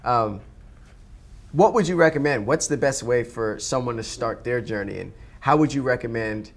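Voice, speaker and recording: A man hosting an interview, relaxed and joking, asking long rambling questions. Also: mid-range voice, moderate pace. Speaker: interview host. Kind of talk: casual interview chat.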